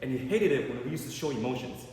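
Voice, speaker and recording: A man performing a stand-up comedy set, telling stories in an animated way and acting out the people in them. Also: medium pitch, quick pace. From Canada. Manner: animated storytelling with acted quotes. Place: art gallery event space with a live audience. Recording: echoey hall with long reverb and clear background noise.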